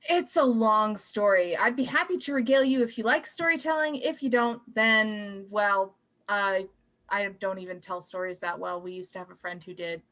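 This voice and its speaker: Woman doing a put-upon fantasy traveler; dry, bright-toned, chatty. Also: mid-range voice, normal speed, close to an everyday voice. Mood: sarcastic. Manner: dry sarcasm, rambling asides.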